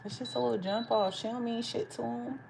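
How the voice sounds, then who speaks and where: A woman's voice: a little high, steady tone, fairly quick, gravelly, noisy background. A woman livestreaming from home, telling gossipy stories in casual chat, acting out quotes and laughing often. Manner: laughs often while talking. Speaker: livestream vlogger. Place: at home, eating.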